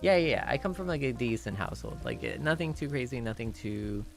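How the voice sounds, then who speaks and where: A young man chats to his audience in a loose, rambling storytelling way, stacking "you know" and restarts and breaking into laughs. His voice sits mid-pitch but moves around a lot. Faint music plays softly behind him. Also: animated, fairly quick. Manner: laughs often while telling. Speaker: streamer. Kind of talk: casual storytelling chat.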